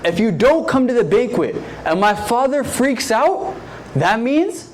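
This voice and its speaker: A man's voice: very high-pitched, very animated, unhurried, a little hiss or hum, voice pushed up, full character voice. A man acting out a loyal young prince who reassures his friend in casual slang. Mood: explaining.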